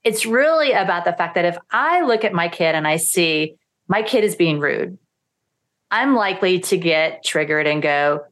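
A middle-aged woman talking as a parenting coach in a podcast interview, animated and acting out quoted thoughts. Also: on the low side, moderate pace. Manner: animated, acts out quoted thoughts in lively voices.

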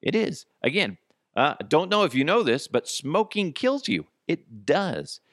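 A man's voice: on the high side, very animated, a little slow, a bit bright, no echo. Guy ranting on his comedy podcast, cursing a lot, voice bouncing all over, super dry close mic. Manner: profane, sarcastic, acts out both sides of a dialogue. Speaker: podcast host. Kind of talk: comedic solo podcast rant.

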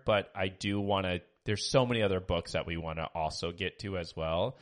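A man's voice: low voice, steady tone, normal speed, hardly any pauses. A man co-hosting a podcast, chatting casually and hesitantly with many fillers, reading listener reviews aloud. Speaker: podcast co-host. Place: small home studio.

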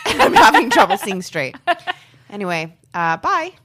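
A woman comedian co-hosting a podcast, making sarcastic, deadpan jabs in casual chat. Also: mid-range voice, measured pace, a little hiss or hum.

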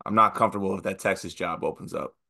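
A young man co-hosting a casual sports podcast, animated and joking, mocking coaches with put-on quotes. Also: low-pitched, fast talker, creaky. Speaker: podcast co-host.

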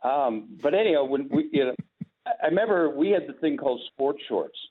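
A man's voice: on the high side, a little fast. An older man, a former sportscaster and guest, telling anecdotes and acting out the quotes, over a tinny phone-like line. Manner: animated anecdotes with acted-out quotes. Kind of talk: storytelling interview.

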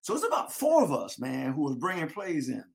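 A man telling a lively story about his youth football days, acting out his old coach. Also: on the high side, fairly quick, gravelly. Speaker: former football player. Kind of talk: storytelling interview.

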